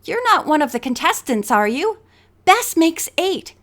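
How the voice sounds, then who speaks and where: A woman's voice: sits high, sing-song, measured pace, a bit bright, voice pushed up, heavily acted. A woman reading an audiobook, voicing a friendly, confident young woman columnist.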